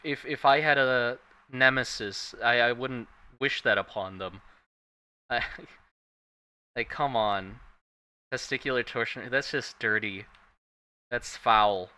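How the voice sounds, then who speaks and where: A man streaming casually while drawing, rambling and animated, swearing freely. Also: medium pitch, unhurried, long pauses, smooth, dry recording. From Thailand.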